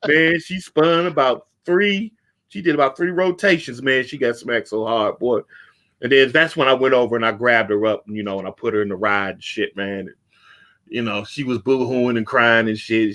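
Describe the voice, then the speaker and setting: A man hosting a casual talk show, telling a street story with lively acted-out quotes. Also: mid-range voice, moderate pace. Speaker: podcast host.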